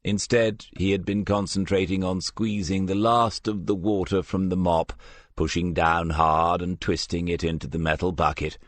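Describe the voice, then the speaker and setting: A man narrating a detective novel audiobook in a measured, even storytelling manner. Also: low voice, no echo. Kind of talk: scripted narration.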